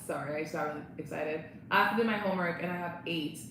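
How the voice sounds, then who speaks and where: A woman's voice: fairly low pitch, fast talker, fairly bright tone, slight background noise. A young woman chatting casually on a live stream, bubbly and laughing often as she greets viewers. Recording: very echoey room.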